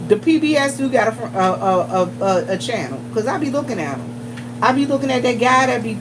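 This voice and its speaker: A woman's voice: fairly high pitch, expressive, fairly quick. A woman chatting casually to her viewers from a gas station store, talking in a repetitive, rambling way. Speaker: store clerk vlogging at work. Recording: humming air conditioning noise. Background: air conditioner hum.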